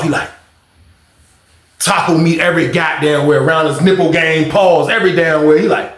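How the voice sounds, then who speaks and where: A man telling a casual storytime vlog, profane and animated, acting out noises and other people's voices. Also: fairly high pitch, creaky. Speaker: storyteller recounting prison life. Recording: echoey room.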